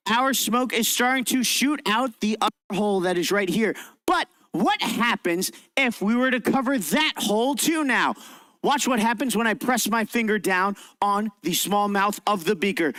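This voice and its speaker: A man's voice: high voice, sharp tone, no echo. A man presenting an interactive science demonstration for children, upbeat and theatrical as he directs the kids. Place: library event room.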